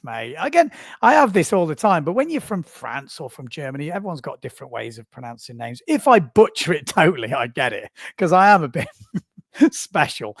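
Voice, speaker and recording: A man's voice: on the high side, no room sound, clean studio sound. A man hosting a live stream, chatting casually while reading out viewer comments, laughing often and poking fun at himself. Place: small live booth.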